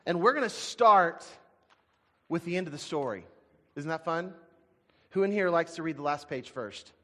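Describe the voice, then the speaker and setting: High-voiced man preaching in a reverberant hall. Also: animated, normal speed. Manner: emphatic, swings from loud bursts to quiet asides. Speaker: pastor. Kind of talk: sermon. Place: church sanctuary.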